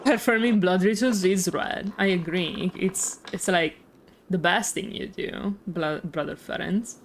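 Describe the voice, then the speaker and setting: A woman's voice: fairly low pitch, unhurried, a little hiss or hum. A woman streaming a story game, joking, laughing often and swearing freely while she plays. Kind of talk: casual gaming commentary.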